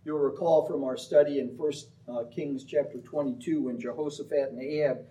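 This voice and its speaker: A man's voice: mid-range voice, moderate pace. A man preaching a sermon, telling stories and slipping into acted voices. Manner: storytelling, animated with acted voices. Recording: voice from far off the mic.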